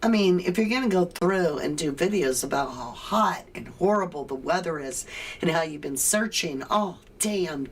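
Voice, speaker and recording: A woman's voice: lowish voice, breathy edge. A woman hosting a livestream, reading viewer comments and ranting sarcastically. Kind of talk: casual chat.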